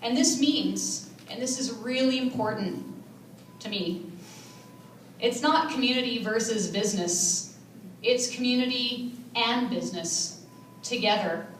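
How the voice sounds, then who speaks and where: A woman mayor giving an earnest, measured inaugural speech in a large hall. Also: on the high side, distant mic, slight background noise. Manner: earnest, measured public speaking. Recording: echoey hall picked up from afar.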